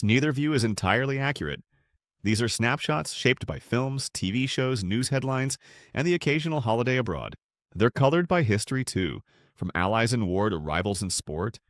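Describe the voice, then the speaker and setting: A man narrating a scripted documentary with a measured, rhythmic delivery that pauses between listed items. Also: fairly low pitch, dry recording, clean studio sound.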